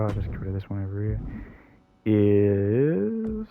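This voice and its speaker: A man's voice: fairly low pitch, big pitch swings, takes it slowly, dull audio. A man hosting a gaming channel, giving rambling, casual commentary full of ums and self-corrections.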